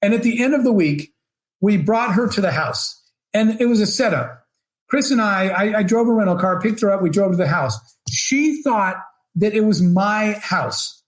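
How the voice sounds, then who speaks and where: A man's voice: high-pitched, expressive, moderate pace. A man giving a talk over a video call, telling a personal story with feeling and acting out the dialogue of the people in it. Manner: emotional storytelling, acts out quoted dialogue. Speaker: keynote speaker.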